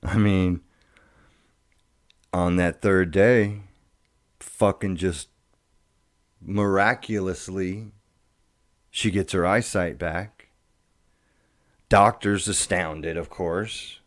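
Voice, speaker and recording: A middle-aged man telling his life story in casual talk, profane and rambling, with halting restarts. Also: sits low, steady tone, dry recording, clean studio sound.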